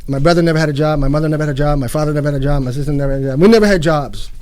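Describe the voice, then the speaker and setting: A rapid, rambling talker, this middle-aged man from Canada tells stories in a loose interview chat. His voice sits a bit high for a man, and he often slips into snatches of song and quoted voices. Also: darkish tone. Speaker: reggae singer, interview guest.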